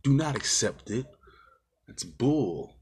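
A man's voice: mid-range voice, lively intonation, slow pace, a little mellow, breathy edge. A man giving a casual, exasperated movie review, rambling with fillers and swearing often. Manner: rambling with many fillers and restarts.

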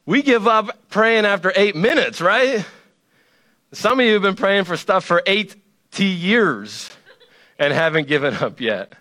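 Slightly high-voiced conversational male preacher. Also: animated, measured pace, bright, forceful tone. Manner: conversational and playful, with emphatic repetition. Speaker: pastor. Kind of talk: sermon.

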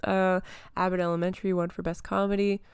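A young woman runs through movie and TV news fast and in a level tone, rambling with plenty of ums and giggles as a podcast host. Her voice is slightly low, smooth and clean with a little phlegm, recorded close and dry with no room sound.

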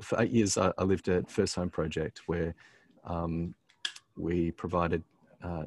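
A very low-pitched man tells a personal story in a relaxed conversation. He pauses often on "um" and restarts his phrases as he thinks. The sound is close and dry, with no room around it. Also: no echo. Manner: halting, many "um"s and restarts. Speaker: pastor, guest.

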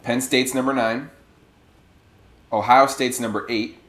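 A man hosting a casual sports podcast, quick and animated, laughing often. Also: mid-range voice, roomy sound. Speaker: podcast host.

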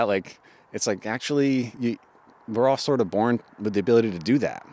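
Low-voiced thoughtful male co-host. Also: fairly quick. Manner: thoughtful, explanatory, with many fillers. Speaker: podcast co-host. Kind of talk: casual chat, explaining fitness ideas.

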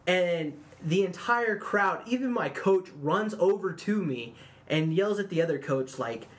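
A man's voice: high voice, expressive, unhurried. A young man co-hosting a podcast, telling a rambling story in casual chat, swearing often and saying "dude" and "like" a lot. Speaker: podcast co-host.

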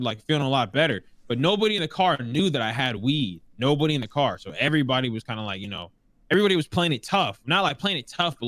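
A man tells a story in a relaxed, casual way. He livens it up by acting out the other people's voices. The sound is dry and close. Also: mid-range voice, no echo. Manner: animated, acts out voices in quotes.

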